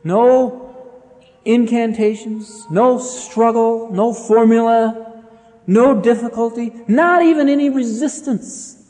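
Male pastor, dramatic sermon storyteller, high and expressive, big reverberant sanctuary. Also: slow pace. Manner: animated, dramatic storytelling with acted-out quotes.

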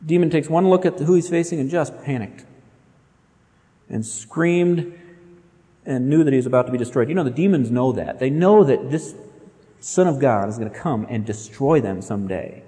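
A man preaching a sermon in an animated, dramatic storytelling manner. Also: medium pitch, moderate pace, big-room sound. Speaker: pastor.

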